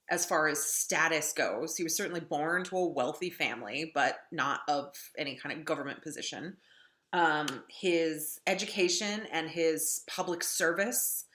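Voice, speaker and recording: A woman lecturing on literature in a chatty, wry way, filling pauses with ums. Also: lowish voice, a bit bright. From North Dakota. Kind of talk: classroom lecture. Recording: echoey room.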